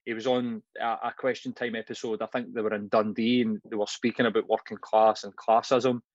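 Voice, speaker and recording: A man's voice: fairly low pitch, little pitch movement, fairly quick, no echo. Glaswegian male host, chatty storyteller, dull dry recording. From Glasgow, Scotland. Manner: conversational, storytelling with quoted asides. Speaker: podcast host. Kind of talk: casual interview chat.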